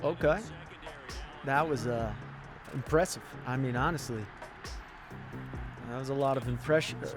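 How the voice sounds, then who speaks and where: A young man with a lilt and a slightly high voice narrates a football video game, rambling between plays and yelling when something big happens. Faint music plays under him. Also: normal speed, pauses often. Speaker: gaming channel host. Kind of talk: excited video game commentary.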